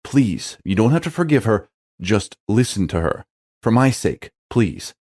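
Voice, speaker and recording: A man voicing a gentle father who softly pleads with his daughter. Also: lowish voice, sing-song, a little slow, no echo, studio quality. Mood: gentle pleading. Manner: soft, pleading. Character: gentle older father, soft-spoken.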